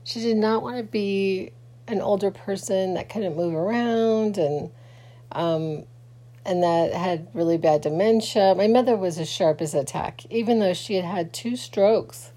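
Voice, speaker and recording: A grieving middle-aged woman speaks slowly in a mellow, warm voice. She rambles through a casual late-night vlog, halting and restarting with many fillers. She sounds sleepy. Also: mid-range voice. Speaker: vlogger. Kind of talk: casual personal talk to camera.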